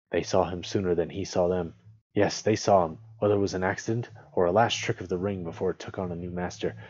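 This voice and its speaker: A man reading a storybook aloud on his stream, voice strained and hoarse, with small slips and self-corrections. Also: sits low, mellow, dull audio.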